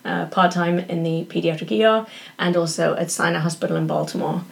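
A woman's voice: fairly low pitch, fairly even intonation, fairly quick, vocal fry, a little hiss or hum. Chatty woman guest. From northern England. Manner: chatty, laughs easily. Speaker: guest, pediatric doctor. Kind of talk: casual interview chat.

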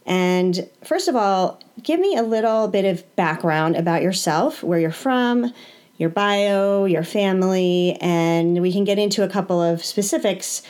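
A woman's voice: mid-range voice, unhurried, a little mellow. A woman hosting a radio interview, introducing her guest at length with many fillers. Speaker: radio show host.

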